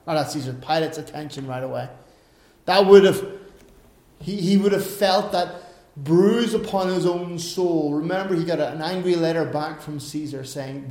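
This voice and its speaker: A man's voice: a little high, moderate pace, a little mellow. A man preaching a sermon earnestly, asking rhetorical questions, recorded in an echoey room.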